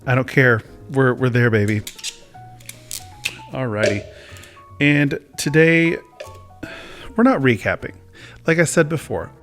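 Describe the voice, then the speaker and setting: A man's voice: mid-range voice, slow pace, pauses often, music in the background. A man hosting his own casual talk show, rambling and joking at his own expense. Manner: rambling, self-mocking, chatty. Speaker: host. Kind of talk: casual chat.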